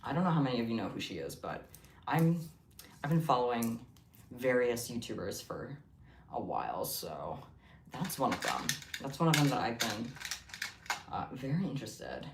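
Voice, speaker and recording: A woman's voice: extremely low pitch, sing-song, normal speed, pauses often. A woman hosting a casual livestream, rambling and joking in a scattered way as she reads chat. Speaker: livestream host. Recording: echoey room, distant mic, faint noise.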